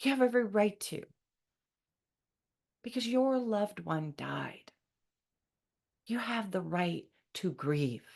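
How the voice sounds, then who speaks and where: A woman's voice: mid-range voice, expressive, takes it slowly, vocal fry, pauses often, darkish tone. A woman hosting a solo podcast, talking in a wry, conversational way and mock-quoting what people say. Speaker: podcast host.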